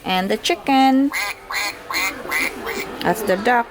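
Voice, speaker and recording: A woman showing a baby a sound book, speaking in a gentle sing-song and imitating animal noises. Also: fairly high pitch, expressive, slow, creaky, very noisy. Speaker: caregiver playing with a baby.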